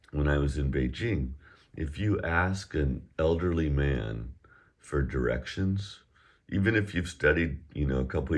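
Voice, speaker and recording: Very deep-voiced, slow-talking male teacher. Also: husky. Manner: easygoing, drills words slowly and repeats them; relaxed chatty asides. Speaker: Chinese teacher. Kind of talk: recorded language lesson.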